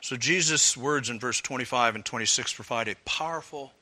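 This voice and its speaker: A man's voice: medium pitch, a little fast, sharp tone. A man preaching an expository sermon, earnest and emphatic, building up through repeated phrases. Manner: earnest, emphatic, with swelling repetitions.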